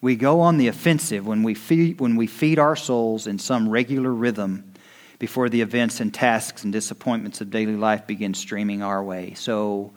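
A man preaching a sermon as pastor. He swings from quiet, hushed lines to loud, rising exhortation. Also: fairly low pitch.

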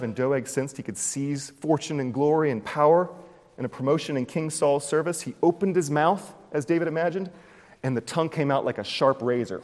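Animated preacher in a large hall. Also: male voice, a little high. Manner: animated storytelling, acting out scenes. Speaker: pastor. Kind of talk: sermon. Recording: long hall reverb.

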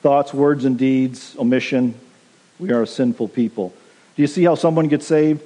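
Man, pastor, sermon, direct exhortation, mid-pitched voice, long hall reverb. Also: normal speed, dark tone. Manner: earnest, direct exhortation with quoted asides.

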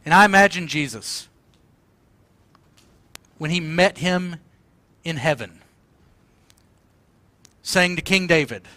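A man delivers a sermon with passion and emphasis, crying out the lines he quotes. His voice sits high and bright. The sound is dry and close, with no room around it. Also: expressive, takes it slowly, pauses often, no echo. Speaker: pastor.

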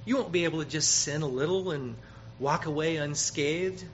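A man preaching a sermon, emphatic, growing loud when he quotes scripture and often repeating words. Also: fairly high pitch, normal speed, soft background music. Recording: dull, slightly noisy sermon recording.

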